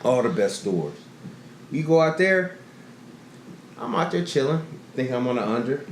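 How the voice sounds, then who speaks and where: A man's voice: medium pitch, big pitch swings, moderate pace. A middle-aged man co-hosting a podcast, telling profane stories in casual chat and acting out quotes. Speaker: podcast co-host. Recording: roomy echo, faint noise.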